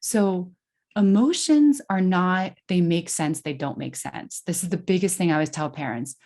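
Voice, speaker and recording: A woman with a somewhat low voice speaks as a podcast guest. She explains things earnestly and conversationally, with lots of "like" and quick restarts. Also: dark tone. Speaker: podcast guest giving parenting advice. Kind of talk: conversational interview answer.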